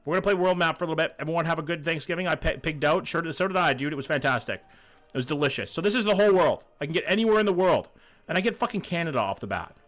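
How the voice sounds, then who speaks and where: This is casual streaming chatter from a man playing a geography game, his voice fairly high, a bit bright, animated, and very quick. He reads viewers' messages aloud, curses freely, and seems slightly ill.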